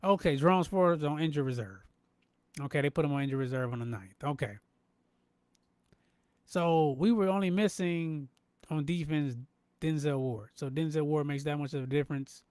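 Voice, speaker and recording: A man hosting a live sports podcast, animated and emphatic, repeating himself and talking straight to his chat. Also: fairly high pitch, moderate pace, long pauses, no room sound. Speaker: podcast host. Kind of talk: live-stream sports talk.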